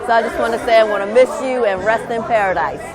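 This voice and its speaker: A woman offering warm, informal, slightly hesitant spoken condolences. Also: a little high, quick pace. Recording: music and crowd chatter behind.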